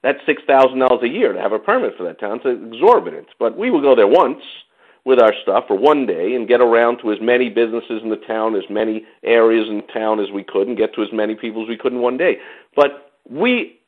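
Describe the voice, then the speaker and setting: A man hosting a talk show, telling stories in a lively, chatty way and acting out other people's voices when he quotes them. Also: medium pitch, a little fast, narrow, tinny audio. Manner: animated storytelling, mimics others in quotes. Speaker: podcast host. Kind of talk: casual chat.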